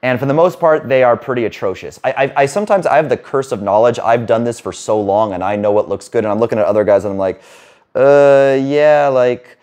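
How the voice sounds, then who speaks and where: A man working as a dating coach, talking fast and rambling in a casual monologue to camera, with some swearing. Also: lowish voice, darkish tone. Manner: rapid, rambling, casual with profanity.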